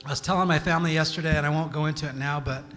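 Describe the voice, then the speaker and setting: Soft-spoken pastor over guitar. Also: male voice, on the high side, fairly even intonation, very fast. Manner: soft-spoken, reflective, with many fillers. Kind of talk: eulogy-style sharing from the pulpit. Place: church sanctuary. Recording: live church stream with music behind. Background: guitar playing.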